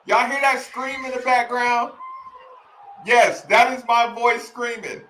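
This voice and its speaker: A man's voice: very high-pitched, fairly even intonation, slow pace, pushed and bright, roomy sound, a little hiss or hum. A man talking casually as a host, laughing often and repeating himself while reacting to old game footage. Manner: laughs often, repeats lines, addresses "y'all". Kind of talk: casual chat.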